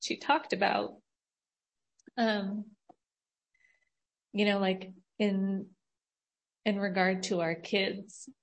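Woman, slow and halting delivery, lots of fillers, casual group talk. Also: mid-range voice, level tone. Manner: halting, many fillers, tearful at times.

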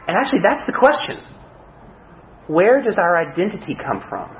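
A man preaching a sermon as a pastor, animated, with self-mocking humor. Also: sits high, normal speed, long pauses, reverberant, muffled recording, a little hiss or hum.

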